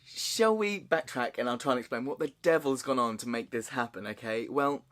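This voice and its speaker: A man sharing a personal story in a candid, halting way, with nervous laughs and frequent restarts. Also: mid-range voice, fairly bright tone. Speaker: vlogger. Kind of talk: personal confessional vlog.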